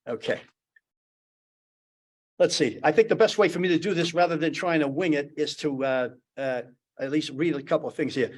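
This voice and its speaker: Speaking at a moderate pace with long pauses, a man with a slightly high voice tells a meandering story on a conference panel. He's in his 70s, hails from the Boston area, and keeps restarting as he goes.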